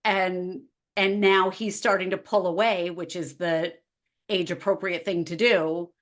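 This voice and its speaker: A woman's voice: on the low side, unhurried. A woman in her forties, a life coach talking as a podcast guest in casual conversation, acting out quoted dialogue as she tells stories. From United States. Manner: animated, acts out quoted dialogue.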